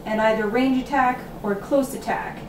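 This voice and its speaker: A woman's voice: on the high side, steady tone, moderate pace, distant mic, background noise. A woman hosting a casual game tutorial, explaining the rules step by step with easygoing fillers. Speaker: host teaching a tabletop game.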